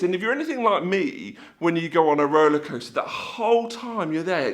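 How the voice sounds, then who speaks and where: Lively man telling a story. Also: fairly high pitch, moderate pace, few pauses. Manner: animated storyteller, acts out scenes with sound effects. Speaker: church speaker. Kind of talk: storytelling video talk.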